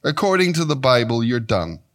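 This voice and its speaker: An English man in his fifties giving a sermon as a guest Bible teacher, animated and playful, his pitch and pace shifting often. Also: moderate pace. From England. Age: 50s.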